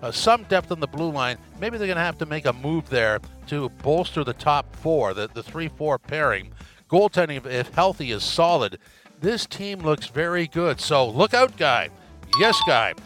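A man hosting a podcast segment with energy, his voice bright and forceful and sitting a little high for a man. He hammers each verdict home with an emphatic catchphrase while faint music plays underneath. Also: lively intonation, moderate pace. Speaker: podcast host. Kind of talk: upbeat solo podcast segment.

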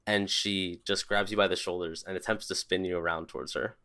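A man narrating a tabletop game as game master, relaxed and descriptive with some fillers. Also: deep voice, a little fast.

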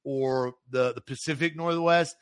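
A man's voice: medium pitch, steady tone, measured pace, smooth. A man from the Nashville area with a slight Southern accent, co-hosting a casual sports talk show and getting heated when irritated. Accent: slight Southern American. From Nashville area, Tennessee. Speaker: podcast co-host.

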